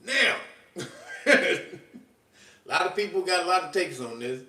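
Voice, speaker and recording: A man hosting a podcast in casual commentary, animated and slangy, laughing often. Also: sits high, a little slow. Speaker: podcast host. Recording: echoey room, distant from mic.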